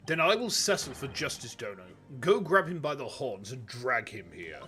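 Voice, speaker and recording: Grave old-fashioned samurai prosecutor, played by a man, cutting, slow and severe, bright tone. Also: medium pitch, very animated, faint music behind. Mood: scornful. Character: stern, archaic samurai-like male prosecutor.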